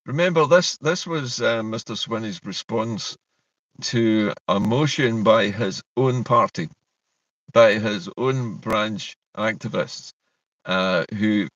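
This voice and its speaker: A Scottish man co-hosting a political discussion, talking in an animated, indignant way. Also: lowish voice, takes it slowly, dry recording. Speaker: co-host. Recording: dull distant dry mic.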